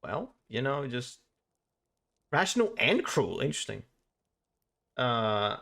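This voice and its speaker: A man's voice: medium pitch, very animated, slow, gravelly, pauses often, pushed and bright. Foul-mouthed chatty male game streamer. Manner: chatty, swears often, reads game text aloud. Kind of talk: casual live-stream commentary.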